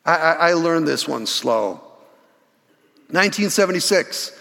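A man in his sixties telling a story in a sermon, animated, often restarting his words. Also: on the high side, unhurried, vocal fry. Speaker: pastor. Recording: reverberant church hall.

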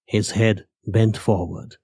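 Male narrator, low-ish voice, really slow and dramatic, horror story read. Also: steady tone, a little mellow, slightly rough, no room sound, clean studio sound. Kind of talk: scripted narration.

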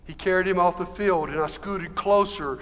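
A pastor, a man, tells a moving story from the pulpit with dramatic swells of emotion. His voice sits high for a man. It rings with a long reverb through a church hall. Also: normal speed, fairly bright tone. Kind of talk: sermon storytelling.

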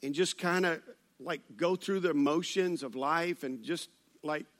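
A man's voice: a little high, a little slow. A man preaching a sermon, telling stories with playful asides. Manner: animated storytelling with playful asides. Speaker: pastor.

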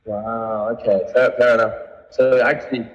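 A man's voice: medium pitch, flat delivery, moderate pace, big-room sound, highs cut off. A man as a podcast guest, chatting casually with rambling, laughing asides. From England. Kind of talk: casual chat.

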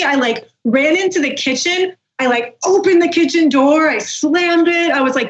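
A woman's voice: high-pitched, unhurried, lo-fi sound. A woman guest on a podcast telling a story animatedly, acting out what she said and swearing freely. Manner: animated, swears, acts out quotes. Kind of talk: casual storytelling.

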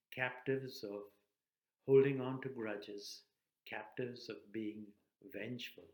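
Earnest male preacher in an echoey room. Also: mid-range voice. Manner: earnest storytelling with dramatic pauses. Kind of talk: sermon.

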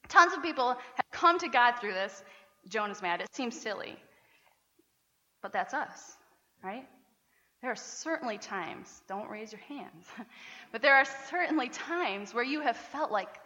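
A woman pastor preaching a lively sermon, often laughing and acting out the people she quotes. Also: high-pitched, unhurried, pauses often. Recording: dull sound with long hall reverb.

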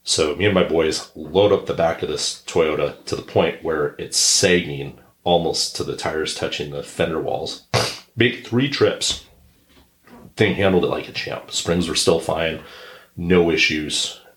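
A middle-aged man with a low, deep voice spins a casual story as a podcast co-host, acting out the people in it. His voice bounces around an echoey room. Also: measured pace. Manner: animated anecdote teller who acts out others' yelling. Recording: roomy echo.

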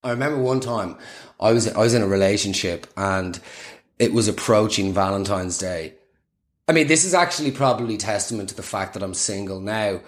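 Rambling young man telling a story. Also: lowish voice. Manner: rambling, self-deprecating, full of fillers. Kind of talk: casual comic storytelling.

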